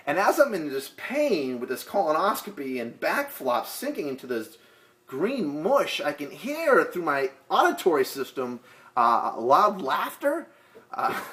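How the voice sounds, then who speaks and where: A Boston-area real estate agent answers viewer questions in a casual vlog Q&A, rambling and joking with lots of fillers. His voice is fairly high, bright, and forceful.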